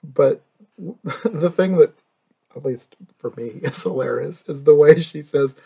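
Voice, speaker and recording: A man's voice: a little high, a little slow, vocal fry, dark tone, husky. A man co-hosting a podcast, chatting in an easygoing way about a cartoon, laughing often. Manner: easygoing, laughs a lot, uses filler "like". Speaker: podcast co-host. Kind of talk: casual chat about a cartoon.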